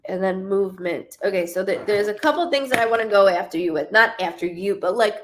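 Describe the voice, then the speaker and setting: A woman in her thirties giving a live-streamed psychic reading, halting and stuttering, often repeating words as she searches. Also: mid-range voice, a little hiss or hum. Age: 30s.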